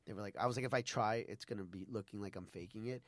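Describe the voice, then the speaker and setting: A man co-hosting a casual chat, telling animated stories and acting out the dialogue. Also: lowish voice, fast, noisy background. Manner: animated storytelling, acts out quoted dialogue. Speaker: co-host and actor.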